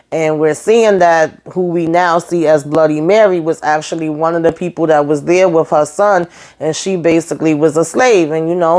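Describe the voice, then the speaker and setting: A woman recapping a TV episode in a casual, chatty way. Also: low voice. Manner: chatty, animated retelling with acted quotes and asides. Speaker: YouTube reviewer.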